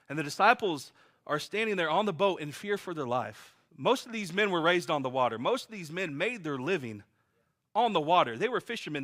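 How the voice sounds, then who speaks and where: A man's voice: a little high, a bit bright. A man preaching a sermon and sharing his own testimony, telling stories in a vivid, earnest, emphatic way.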